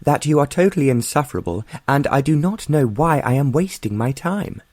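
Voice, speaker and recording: A male audiobook reader voicing a spirited, quick-tempered young woman who answers with sharp, scornful retorts. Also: medium pitch, animated, no room sound, pitched above the performer's own voice.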